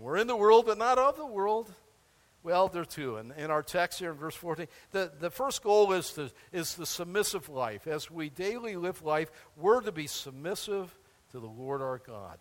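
Older male pastor, folksy emphatic sermon, lively pitch, hall echo. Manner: folksy and emphatic, with asides and chuckles.

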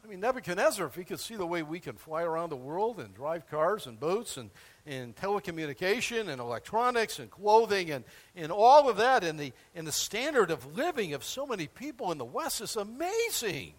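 A man's voice: high-pitched, fairly quick, big-room sound. A man preaching a sermon in a loose, conversational way, often acting out the voices of the people in his examples. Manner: animated, conversational, acts out quoted voices. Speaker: pastor.

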